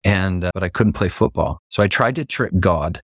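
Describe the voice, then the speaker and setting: A man from Canada, a podcast guest, telling a personal story in a lively way and acting out the lines he quotes. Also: moderate pace, dry recording, clean studio sound. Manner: animated, acts out quoted lines with pitch jumps.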